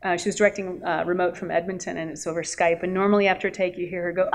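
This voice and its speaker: A woman voice actress on a convention panel, telling animated stories and acting out quotes with a laugh. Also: on the low side, fast, hardly any pauses, a little hiss or hum. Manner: lively, acts out quotes and laughs often. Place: convention hall.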